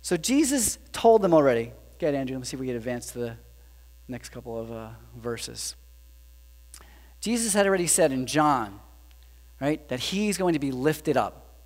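A man preaching a sermon, animated, rising to emphatic peaks and dropping to hushed lines. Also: mid-range voice, moderate pace, pauses often. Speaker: pastor. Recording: reverberant hall with mains hum.

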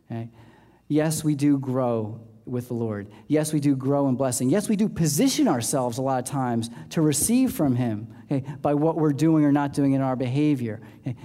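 A man preaching a sermon in a conversational way, often checking in with "okay?" and "right?" and laughing between points. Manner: laughs between points, lively swings in pitch. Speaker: pastor. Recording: long hall reverb.

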